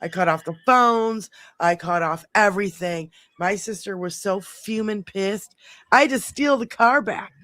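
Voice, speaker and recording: A middle-aged woman hosting a podcast, telling a long story in a casual, animated way, swearing freely and rambling. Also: mid-range voice, unhurried, no echo. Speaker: podcast host.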